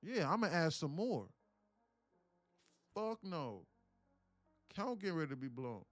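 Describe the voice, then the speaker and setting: A man live-streaming his day trading, telling a story in an animated, profane, rambling way with frequent restarts. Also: fairly high pitch, a little slow, no echo, soft background music.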